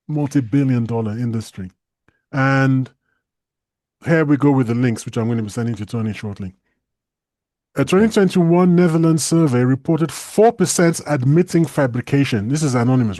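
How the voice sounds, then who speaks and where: A man co-hosting a casual podcast discussion, chatty and animated, laughing often and restarting his sentences. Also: medium pitch, dry recording, studio quality. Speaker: co-host.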